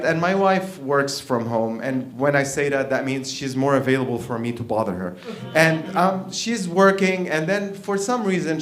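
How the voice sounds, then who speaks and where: A man performing a profane stand-up set, acting out both sides of his stories on a comedy club stage. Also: a little high. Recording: roomy live club sound.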